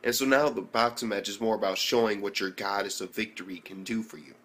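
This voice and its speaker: A man's voice: fairly low pitch, steady tone, fast talker, fairly bright tone. A man giving a casual, rambling video review of an anime, swearing constantly and acting out the scenes as he goes. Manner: profane, rambling, acts out scenes.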